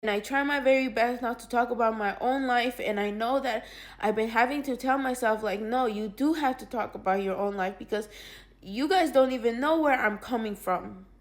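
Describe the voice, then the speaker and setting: A woman's voice: on the high side, normal speed, rough recording. A young woman from Latin America in a frank, heated personal vlog, swearing often and close to tears. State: near tears. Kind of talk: emotional personal vlog rant.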